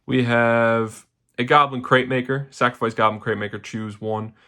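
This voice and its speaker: A man's voice: medium pitch, little pitch movement, normal speed, sharp tone. A young man casually walking through his card game deck, loose and rambling, with slangy asides and fillers. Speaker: deck tech host.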